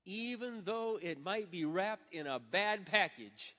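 High-voiced preacher man in an echoing hall. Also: lively intonation, takes it slowly. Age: 50s. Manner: dramatic, swings from loud to hushed, acts out quoted prayers. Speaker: pastor. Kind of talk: sermon. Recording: dull sound with long hall reverb.

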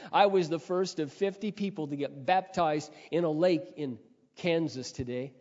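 Speaking at an ordinary pitch with a slightly mellow tone, a middle-aged preacher tells earnest personal stories in his sermon, often stopping to clear his throat. The audio is muffled and lo-fi, with the long reverb of a large hall.

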